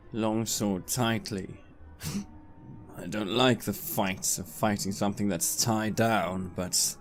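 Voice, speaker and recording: A man playing a tabletop game, speaking in a measured, deliberate way. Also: lowish voice. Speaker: player. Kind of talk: casual in-character game talk.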